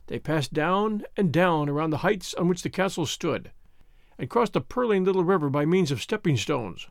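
A man narrating an adventure story aloud with expressive delivery. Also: on the high side, normal speed, no room sound, studio quality. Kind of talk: storybook reading.

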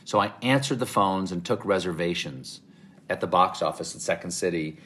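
Brief: southern-raised man, interview guest, low voice, animated storytelling with restarts. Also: normal speed. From American South. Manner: animated, rambling, with frequent restarts.

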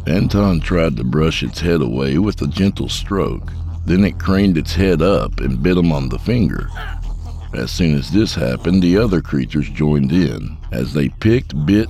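A man narrating a horror story in a measured, dark storytelling manner. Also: rumbling low, gravelly. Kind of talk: scripted narration.

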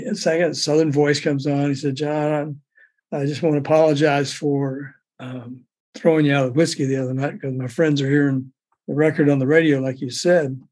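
An older man tells a story in a loose, rambling way, often restarting sentences and breaking into laughter. His voice sits a little high for a man. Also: a little mellow. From raised in Memphis. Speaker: storyteller guest. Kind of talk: casual anecdote telling.

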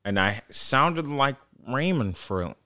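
A man's voice: mid-range voice, very animated, unhurried, pushed and bright, no room sound, clean studio sound. A man, not a native English speaker, co-hosting a podcast and telling stories in casual chat. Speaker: podcast co-host.

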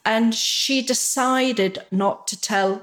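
A woman's voice: a little high, slow pace. A woman, the guest, candidly telling her own story in an interview and acting out the voices of people in it. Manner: candid, animated, acts out quoted dialogue.

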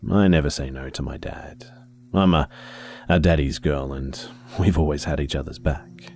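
A man narrating a first-person story in a steady, measured reading. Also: rumbling low, gravelly, soft background music.

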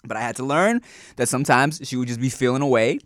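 A man's voice: mid-range voice, fast talker, a bit bright, dry recording, clean studio sound. A man co-hosting a casual podcast chat, talking in a loose, slangy, teasing way. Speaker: podcast co-host.

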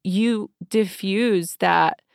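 Gravelly low-voiced woman giving earnest advice, dry close sound. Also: extremely slow, no room sound. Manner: earnest, coaching, talks through feelings. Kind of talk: casual advice chat.

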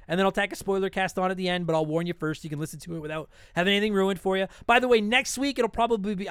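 A man's voice: high-pitched, a bit bright, clear, resonant tone, no echo. A man hosting a podcast, signing off casually with an irreverent, swearing manner and rattling off long lists of names. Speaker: podcast host.

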